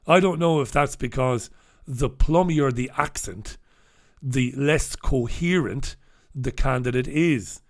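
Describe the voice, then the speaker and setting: A man's voice: medium pitch, takes it slowly. A man hosting a casual live newspaper review, sardonic and swearing freely as he reads headlines and viewer comments aloud.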